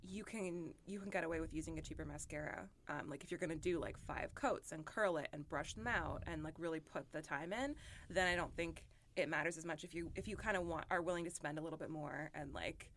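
Young woman podcast co-host, rather low voice, animated chatty delivery. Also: a little fast, a little hiss or hum. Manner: chatty, animated, lots of fillers. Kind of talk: casual beauty chat.

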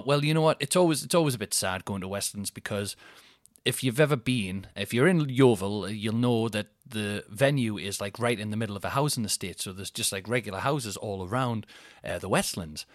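A man's voice: on the low side, fairly quick, dry recording, clean studio sound. A man, telling rambling comic stories as a podcast host and often laughing at himself. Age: 30s. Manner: chatty, rambling, laughs at his own stories. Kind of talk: casual storytelling monologue.

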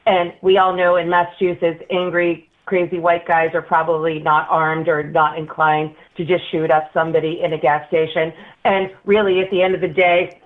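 Woman guest telling a story by phone, expressive and laughing, tinny line. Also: lowish voice, normal speed, few pauses. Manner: animated, acts out quoted voices, laughs often. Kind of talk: casual storytelling chat. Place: Massachusetts.

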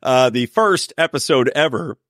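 A man hosting a crude comedy podcast, joking around in animated banter. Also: medium pitch, normal speed, dry recording, studio quality. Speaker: podcast host.

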